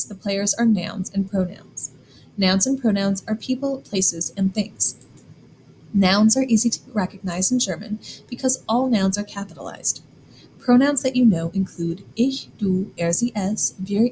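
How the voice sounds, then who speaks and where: A woman explaining German grammar in a clear, deliberate lesson, slowing down to spell out examples. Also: mid-range voice, warm tone, a little hiss or hum, low-quality recording. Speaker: German teacher. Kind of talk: scripted classroom explanation.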